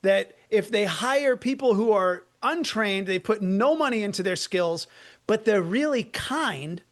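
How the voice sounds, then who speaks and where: A man co-hosting a comedy podcast, telling a story in an animated way and laughing through it. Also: high-pitched, unhurried. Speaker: podcast co-host.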